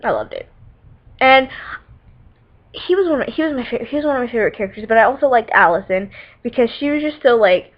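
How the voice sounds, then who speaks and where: A woman's voice: on the high side, animated, quick pace, pauses often. A teenage girl vlogging about movies, chatting casually and rambling with lots of "like" and "um" and giggly asides. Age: teens. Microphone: webcam. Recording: dull lo-fi webcam audio.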